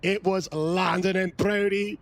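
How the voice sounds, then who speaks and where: Male livestreamer, high voice, gravelly edge, slow drawn-out delivery, rowdy hollering, faint music behind. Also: steady tone. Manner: rowdy, shouts countdowns and cheers. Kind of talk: hyped livestream chat with viewers.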